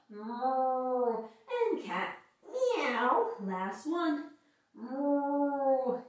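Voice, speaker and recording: A woman in her thirties leading a playful, sing-song yoga class for children. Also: high voice. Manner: playful and animated, singing and making animal noises. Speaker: kids yoga teacher. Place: echoey room. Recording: very echoey room, voice far from mic.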